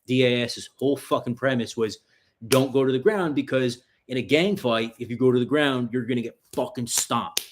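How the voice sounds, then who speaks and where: A man hosting a self-defense livestream, telling rambling street-fight stories in casual, profanity-heavy chat. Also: mid-range voice. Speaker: self-defense channel host.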